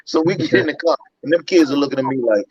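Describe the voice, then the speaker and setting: A man telling a story in casual chat, animated and acting out the voices of others. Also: a little high, quick pace, husky. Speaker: podcast host. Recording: dull, slightly lo-fi sound.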